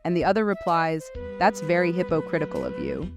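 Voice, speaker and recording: Woman telling jokes, lowish voice swooping all over, faint music behind. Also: huge pitch swings, fairly quick. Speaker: joke teller.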